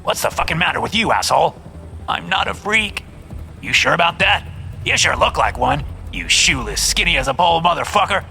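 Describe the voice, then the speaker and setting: A man's voice: a little high, lively intonation, a little fast, vocal fry, sharp tone, a little hiss or hum, pitched above the performer's own voice, full character voice. A man doing a crude sneering young soldier. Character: crude, cruel young soldier with a mocking temper.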